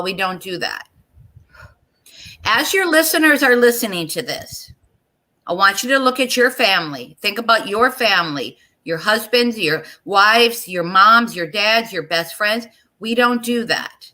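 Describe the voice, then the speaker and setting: This is a middle-aged woman with a bright, lively tone, speaking as a guest over a video call. She is earnest and a little halting, often repeating words before she gets them out. She turns to address the listeners directly. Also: medium pitch, rough recording. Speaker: interview guest. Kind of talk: emotional personal account in an interview.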